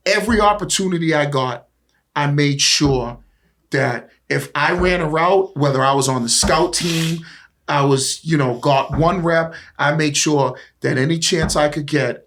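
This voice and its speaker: A man's voice: on the high side, a little slow. A man in his forties from East Boston with a Boston accent, a guest telling rambling, profane stories in a casual podcast chat. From East Boston, USA. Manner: animated, rambling, profane, laughing often. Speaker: guest, former pro football player.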